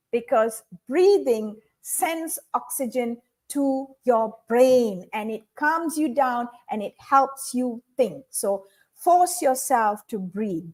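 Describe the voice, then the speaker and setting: Higher-voiced woman teaching a webinar. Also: darkish tone. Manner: instructive, repeats key points, frequent "okay". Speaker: speech teacher. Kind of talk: online webinar lesson.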